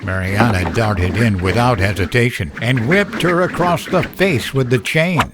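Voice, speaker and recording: Male horror narrator, unhurried, deliberate, scripted storytelling. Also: medium pitch, very noisy. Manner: slow, measured storytelling.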